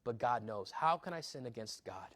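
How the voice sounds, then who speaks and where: A young adult man, a pastor preaching a sermon in a church, earnest, often restarting words and acting out quick asides. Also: medium pitch, expressive, fairly bright tone. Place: church sanctuary.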